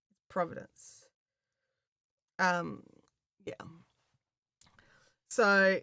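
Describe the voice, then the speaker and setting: A woman's voice: medium pitch, a bit bright, no echo, clean studio sound. An Australian woman hosting a craft livestream, chatting casually and reading out viewer comments, with lots of fillers and laughter. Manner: chatty, rambling, laughs often, many fillers.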